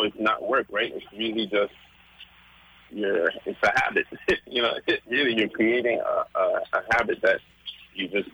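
A man's voice: on the low side, bright, forceful tone, husky, rough recording. A man, a former boxer and fitness coach, explaining exercise and diet on a radio show with many "um"s and "right?"s. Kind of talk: casual radio interview.

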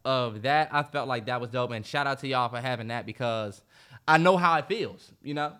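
A man's voice: mid-range voice, normal speed, sharp tone, smooth. A man co-hosting a podcast in casual chat, laid-back and easygoing with plenty of slang. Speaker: podcast co-host.

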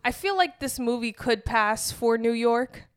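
A woman's voice: fairly high pitch, animated, unhurried, clear, resonant tone. A woman co-hosting a podcast, chatting easily about a movie, sharing trivia and laughing often. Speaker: podcast co-host. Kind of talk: casual movie-review chat.

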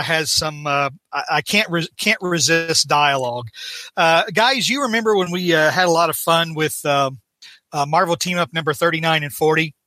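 A man guesting on a podcast, recapping a comic in a casual, halting way full of "uh" and "um". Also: a little high, bright, forceful tone, no room sound.

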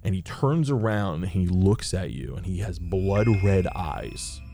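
A man's voice: low-pitched, lively intonation, a little slow, vocal fry, dark tone. A man narrating a tabletop role-playing game as game master, describing scenes with frequent fillers and restarts.

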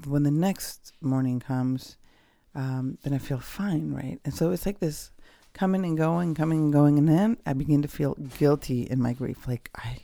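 A woman's voice: low voice, moderate pace, creaky, warm tone, no echo. A woman hosting a personal podcast from home, talking candidly in a rambling, reflective way with many fillers and restarts. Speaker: podcast host. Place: at home, dogs nearby.

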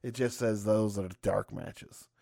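A man's voice: fairly low pitch, steady tone, measured pace, creaky, mellow, no room sound, studio quality. A man co-hosting a casual podcast, recapping matches with frequent laughs and swearing. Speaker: podcast co-host. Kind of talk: casual chat.

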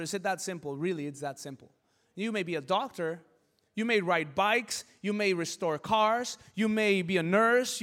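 A male pastor preaching a sermon, asking rhetorical questions and building to loud emphatic peaks. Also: high-pitched, long reverb tail.

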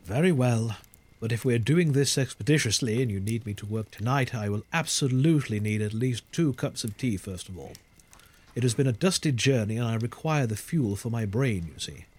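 A man voicing a fussy, formal older professor in a tabletop game, husky and mannered. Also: mid-range voice, expressive, normal speed, a little mellow. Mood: genteel. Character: fussy, tea-loving older male professor.

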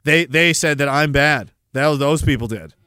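High, bright-voiced sardonic male podcaster. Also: moderate pace, clear, resonant tone, dry recording, studio quality. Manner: sardonic, profane, laughing at his own jokes. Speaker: podcast host. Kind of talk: casual ranting commentary.

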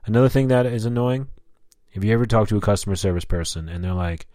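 A man's voice: fairly low pitch, quick pace, warm tone, no echo, clean studio sound. A man hosting a solo talk, ranting about daily annoyances with heavy swearing and mocking asides. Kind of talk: solo profane rant.

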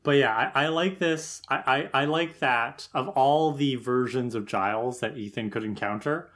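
A woman co-hosting a podcast, chatting casually with a calm, wry, dry sense of humor. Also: a bass voice, moderate pace. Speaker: podcast co-host. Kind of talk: casual chat.

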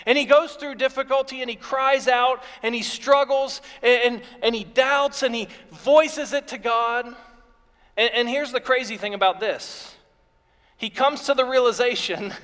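A man's voice: extremely high pitch, fairly bright tone. A man preaching a sermon as pastor, earnest and repetitive in his phrasing. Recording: long reverb of a hall.

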